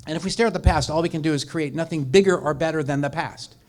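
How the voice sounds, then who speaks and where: A middle-aged man working as an executive coach, telling a story to an audience in a conversational way and growing softer in emotional moments. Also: fairly high pitch, fast.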